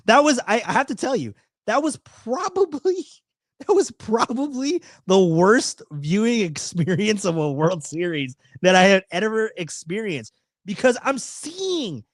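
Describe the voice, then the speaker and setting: Live sports talk host, man with a raised pitch, excitable and rambling, dry room. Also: no room sound. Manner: rambling, animated, swears freely, many restarts. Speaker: podcast host. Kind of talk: casual live-stream chat.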